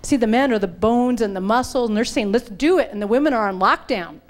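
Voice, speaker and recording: Animated woman preaching with humor. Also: on the high side, a little fast. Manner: animated, acts out voices in quotes. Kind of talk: humorous sermon storytelling.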